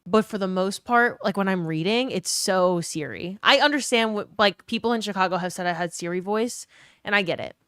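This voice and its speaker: A woman's voice: mid-range voice, a little fast, a bit bright, clean tone, dry recording, studio quality. A young woman from New Orleans with a neutral accent, chatting casually with her live stream viewers, reading comments aloud and swearing now and then. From New Orleans, US South.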